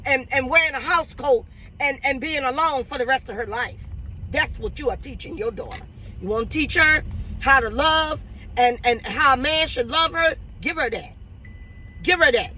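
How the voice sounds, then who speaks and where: A woman's voice: sits high, sharp tone, rough recording. A woman host giving impassioned, scolding advice straight to camera, speaking. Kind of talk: direct-to-camera advice talk.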